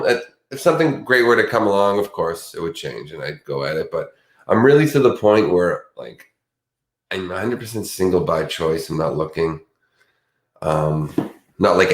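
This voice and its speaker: A man co-hosting a podcast, chatting casually and rambling through halting, self-reflective stories. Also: low voice. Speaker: podcast co-host. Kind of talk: casual chat. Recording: roomy echoey room.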